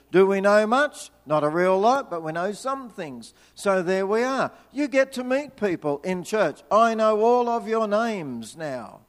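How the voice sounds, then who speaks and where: An older man, from Tasmania, preaching a storytelling sermon with chatty, humorous asides. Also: high-pitched. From Tasmania, Australia. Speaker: visiting preacher. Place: church hall. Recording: long reverb of a hall.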